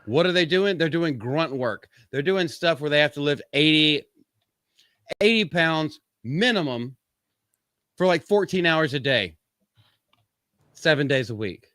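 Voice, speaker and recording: A podcast host with a fairly high, slightly bright voice runs a live-stream commentary show, speaking expressively and without hurry, leaving long pauses. He reads quotes aloud and cuts in with sarcastic asides that turn into a profane, mocking rant. The recording is dry.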